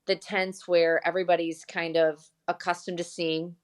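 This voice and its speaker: A glamping site owner from Michigan, USA, chats as a guest in a casual interview, telling stories and often restarting her sentences. Her voice is on the low side with little pitch movement, and she speaks at a moderate pace.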